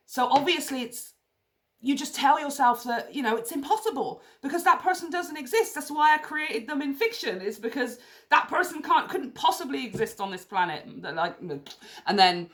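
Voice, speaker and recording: Excitable woman giving a tarot reading. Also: on the high side. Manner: excitable, gushing, chatty with sudden outbursts. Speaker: tarot reader. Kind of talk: casual tarot reading to camera.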